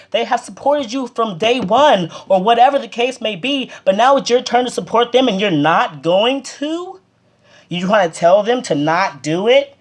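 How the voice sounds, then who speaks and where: A vlogger giving heated, impassioned advice straight to the camera, scolding with emphatic repetition and swinging up to loud, forceful peaks before dropping back to a steady, lower tone. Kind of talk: direct-to-camera advice rant.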